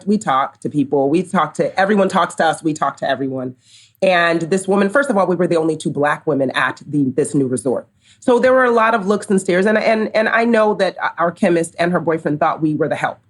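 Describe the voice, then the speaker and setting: A middle-aged woman from the United States, speaking low as a podcast guest. She tells her story casually and brings each quoted person to life. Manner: animated storyteller, acts out quoted dialogue. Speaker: company co-founder, podcast guest.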